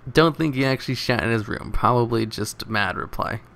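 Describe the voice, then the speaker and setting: Man in an easygoing read-aloud voice, medium pitch, breaks in with short asides. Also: a little fast, creaky, fairly bright tone. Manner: casual, chuckles between stories. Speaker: reddit story reader. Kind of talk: reading forum posts aloud with comments.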